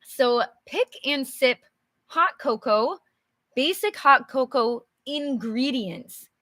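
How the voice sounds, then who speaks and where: A woman teaching English to learners on a live stream, reading from a storybook and stopping often to explain words. She speaks slowly with a bright, slightly high voice that carries energy. Her sound is close and dry, with almost no room. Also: animated, no room sound. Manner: friendly and chatty, asks viewers questions, laughs often. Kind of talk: slow, clear live teaching and read-aloud.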